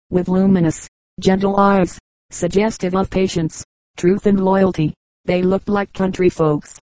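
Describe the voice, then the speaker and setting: A woman narrates an audiobook in a measured, steady manner, her voice low and warm with very little rise and fall. The recording is close and dry, without room sound. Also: no room sound, rough recording. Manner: measured, even reading. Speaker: audiobook reader. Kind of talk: scripted narration.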